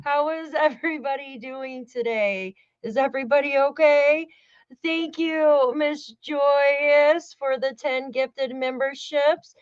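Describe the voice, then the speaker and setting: Cheerful higher-voiced woman livestream host. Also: steady tone, slow, dry recording, lo-fi sound. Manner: cheerful, warmly greets and thanks viewers by name. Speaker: true-crime livestream host. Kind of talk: casual livestream chat.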